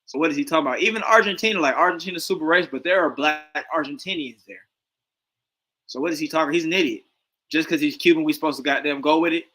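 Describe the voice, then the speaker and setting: Bright-voiced man rambling in casual commentary. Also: fairly high pitch, fast talker, poor audio. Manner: rambling, informal slang, many fillers. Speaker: stream host reacting to a debate.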